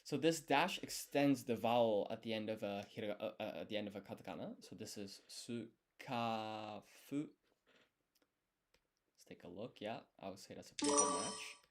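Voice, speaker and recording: A language learner streams his study, his voice on the low side and his pace moderate. He thinks out loud, explaining each step and quizzing himself in an undertone.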